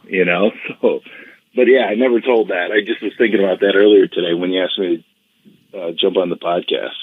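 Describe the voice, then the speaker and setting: A man guesting on a podcast tells his stories in a relaxed, rambling way. His voice sits low with a husky edge. The sound is dry and slightly dull. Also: brisk, no echo. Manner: rambling, laid-back storyteller. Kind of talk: casual chat.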